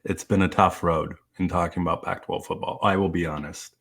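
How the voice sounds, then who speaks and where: A man co-hosting a casual sports podcast, laid-back and quick to laugh. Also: low-pitched, fairly even intonation, a bit bright. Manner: laid-back, laughs often, talks in restarts. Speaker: podcast co-host. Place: studio, live stream.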